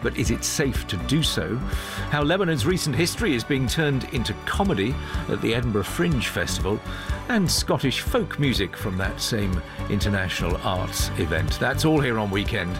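A man hosting a radio news programme, reading scripted links in a measured, formal broadcast style. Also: mid-range voice, expressive, music in the background. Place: radio studio.

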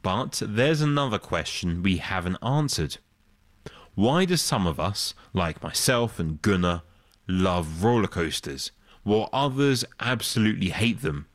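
A man giving scripted documentary narration as the presenter, with a lively, expressive delivery. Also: lowish voice, a little slow, no echo.

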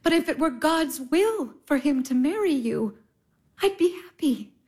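A gentle elder sister, played by an actress speaks in a high, soft and soothing voice. She drops into near-whispers as she comforts. Staged drama delivery. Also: expressive, unhurried. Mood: tender.

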